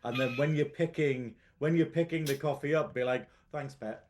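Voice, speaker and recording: A man, co-hosting a podcast in casual chat, teasing with quick banter and frequent laughs. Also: a little high, steady tone, very noisy. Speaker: podcast co-host.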